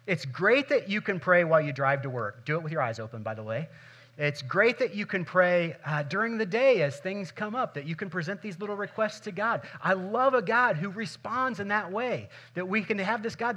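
A man's voice: on the high side, sharp tone. A middle-aged male pastor preaching a sermon in a conversational, humorous way, acting out little scenes.

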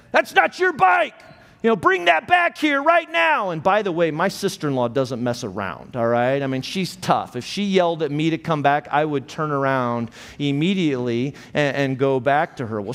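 A male pastor preaching an earnest sermon, slowing down deliberately on key phrases. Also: mid-range voice. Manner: earnest, measured, slows for emphasis. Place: church sanctuary. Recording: long hall reverb in a church.

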